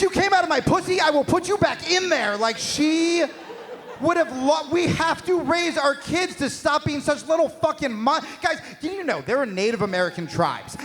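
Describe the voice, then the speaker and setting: A man doing stand-up with a very high voice, jumping between quick asides and profane shouted outbursts. He is on stage at a live venue, and faint noise sits behind him. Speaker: stand-up comedian. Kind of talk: stand-up comedy set.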